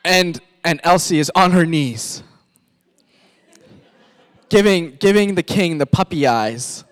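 A man's voice: a little high, lively intonation, slow pace, fairly bright tone. A man from Pakistan, a pastor, animatedly narrating a sermon skit and directing volunteer actors.

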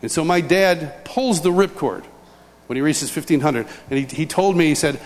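An older man from upstate New York, preaching a sermon as a lively personal story with chuckles and restarts. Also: fairly high pitch, moderate pace, slight background noise. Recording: long hall reverb.

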